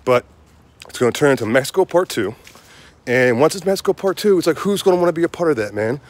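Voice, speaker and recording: A man's voice: a little high, animated, quick pace, no room sound. A young man hosting his own show, ranting heatedly about politics outdoors on a windy day, rambling and repeating himself. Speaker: show host. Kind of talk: outdoor political rant to viewers. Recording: wind noise outdoors.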